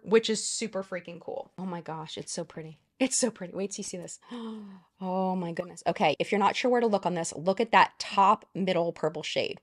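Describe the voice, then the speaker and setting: A woman in her thirties giving a casual, gushing makeup review, full of excited exclamations. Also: medium pitch. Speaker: beauty vlogger.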